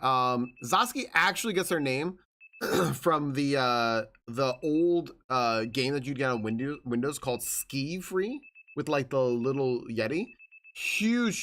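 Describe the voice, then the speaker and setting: A man's voice: mid-range voice, lively intonation, unhurried, sharp tone. A man streaming a video game, chatting casually, laughing often and reading the game's lines aloud. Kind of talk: casual gameplay commentary. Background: game music.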